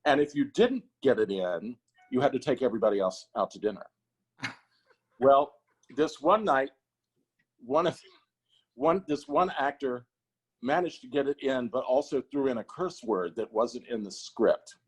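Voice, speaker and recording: A man appearing as a guest on an online chat over a video call, telling a funny story in a brisk, amused way. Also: medium pitch, animated, slightly rough, low-quality recording.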